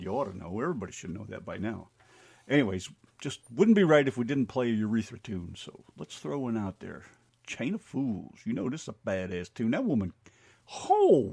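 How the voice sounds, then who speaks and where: A man hosting a casual radio show, energetic and joking. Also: lowish voice, gravelly, slightly rough.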